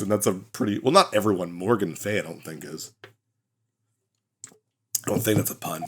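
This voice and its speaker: A man's voice: low voice, normal speed, pauses often, fairly bright tone, slight background noise. A young man commenting while playing a game, chatty and musing, often restarting his sentences. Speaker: gaming let's-player. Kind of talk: let's-play commentary and reading game dialogue.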